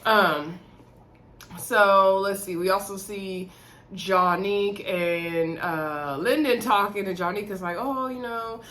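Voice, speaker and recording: A woman's voice: medium pitch, slow pace, fairly bright tone, slight background noise. A woman recapping a reality show episode in a chatty, sassy way, talking straight to her viewers and laughing between remarks. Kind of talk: casual episode recap commentary.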